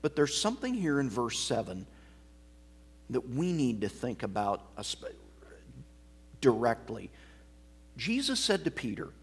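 A man preaching an expository sermon as pastor, explaining a passage line by line in a measured teaching manner. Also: mid-range voice, big pitch swings, breathy edge.

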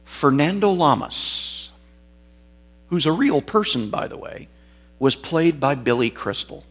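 A man's voice: on the high side, expressive, slow, fairly bright tone. A male pastor preaching an expository sermon, reading and explaining scripture with varied emphasis.

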